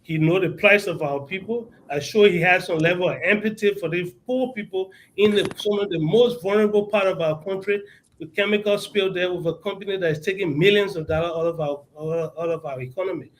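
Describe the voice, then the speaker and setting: A man's voice: high-pitched, brisk, a little hiss or hum, low-quality recording. A man with a Liberian accent speaking as a guest on a talk show, passionate and emphatic, often repeating words as he searches for them. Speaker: guest advocate. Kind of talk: impassioned talk-show interview.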